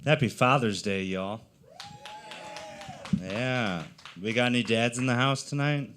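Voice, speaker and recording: A man's voice: medium pitch, a little slow, background noise. A man opening a stand-up set with laid-back crowd work. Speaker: stand-up comedian.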